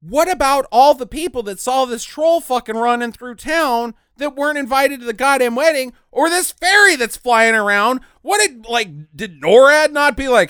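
A woman's voice: high voice, normal speed, few pauses, fairly bright tone, smooth, dry recording, clean studio sound. A woman co-hosting a podcast, riffing on a movie in a casual, profane, jokey way. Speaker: podcast co-host.

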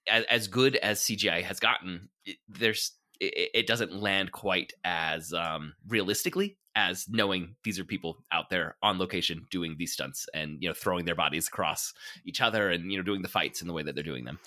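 Very deep, bright-toned man talking. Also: normal speed. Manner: thoughtful, many fillers and restarts. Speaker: podcast guest. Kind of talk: casual chat.

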